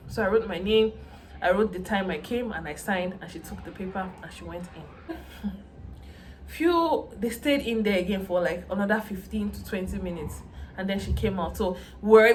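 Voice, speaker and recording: A young woman, telling a story in a casual vlog in an animated, dramatic way and acting out the voices of the people she quotes. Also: medium pitch, moderate pace, a little hiss or hum.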